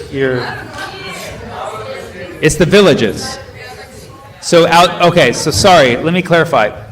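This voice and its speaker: Comedian riffing with a live crowd. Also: male voice, a little high, fairly bright tone, slight background noise. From United States. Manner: loose, riffing, quizzing the audience with quick questions. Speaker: stand-up comedian. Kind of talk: stand-up crowd work. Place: comedy stage before a live audience.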